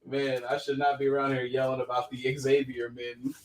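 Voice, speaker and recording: A man hosting a live comic book sale, pitching each issue in a joking, profane, auctioneer-style way. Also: level tone, moderate pace. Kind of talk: casual live-stream sales patter.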